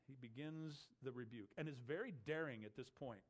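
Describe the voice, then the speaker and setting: A man's voice: medium pitch, moderate pace. A man giving verse-by-verse Bible teaching, emphatic and asking his listeners rhetorical questions.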